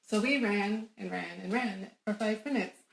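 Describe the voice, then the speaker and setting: A woman guest on an interview show, telling a personal story in an animated, emphatic way and laughing often. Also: medium pitch, moderate pace, creaky, background noise. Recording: roomy echo.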